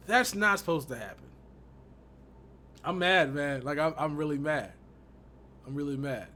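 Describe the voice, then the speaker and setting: Animated, bright-voiced young man griping over gameplay. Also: on the high side, a little hiss or hum. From Texas. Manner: exasperated, slangy, laughs often. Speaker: gaming YouTuber. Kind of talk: casual gameplay commentary.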